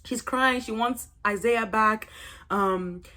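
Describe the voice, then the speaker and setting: Animated gossipy woman vlogger, higher voice. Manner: gossipy, animated, exclaiming with quick asides. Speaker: YouTube reality-TV reviewer. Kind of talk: casual review vlog.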